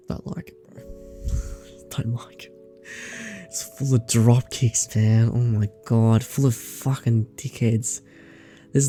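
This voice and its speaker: A man's voice: mid-range voice, warm tone. A young man with an Australian accent chatting casually to camera in a vlog, rambling, slangy and sweary. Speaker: vlogger.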